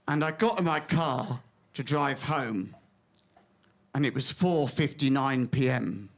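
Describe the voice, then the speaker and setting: A man doing stand-up comedy on a theatre stage, excitable, with stammering restarts that drop into hushed asides. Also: mid-range voice, slow, vocal fry.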